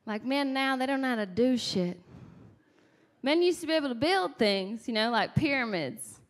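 A woman's voice: sits high, lively intonation, moderate pace. A woman in her thirties doing a stand-up set on a club stage, chatty and wry. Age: 30s. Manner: conversational, wry. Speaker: stand-up comedian.

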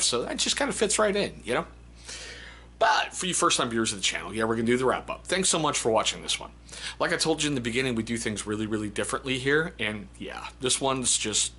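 A man's voice: mid-range voice, bright, forceful tone, slight background noise. A man hosting a casual book review video, reading funny excerpts aloud and laughing often. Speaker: book review channel host.

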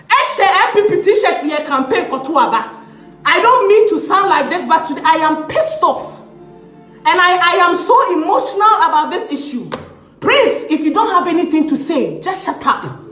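Very high-voiced Ghanaian woman ranting. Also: a bit bright, roomy sound. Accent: Ghanaian English. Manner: impassioned, confrontational, mixes in Twi phrases. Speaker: activist campaigner. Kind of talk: social media rant video.

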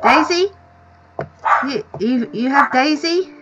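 A woman's voice: high-pitched, animated, slow pace, very noisy, voice pushed up. A woman voicing a suspicious, very short old woman guarding her door, asking anxious questions, on a dull lo-fi recording. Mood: alarmed. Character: suspicious tiny old woman, wary aunt.

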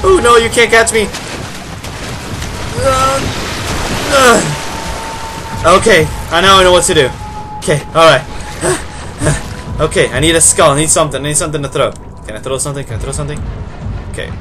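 A man giving horror game play-by-play, panicking and repeating words in rapid bursts. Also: fairly high pitch. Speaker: gameplay commentator. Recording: game music playing behind.

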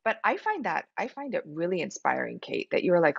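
A woman in her forties hosting an interview podcast, talking casually, animated and emotional, laughing often. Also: lowish voice, fairly quick, vocal fry, hardly any pauses, husky, highs cut off. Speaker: podcast host.

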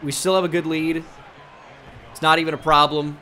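A young man calls the action of his own video game in mock sportscaster fashion and breaks into excited, frustrated shouts. His voice sits a little high and bright, with a faint hiss of noise under it. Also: moderate pace. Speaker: gaming YouTuber. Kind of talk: Let's Play commentary.

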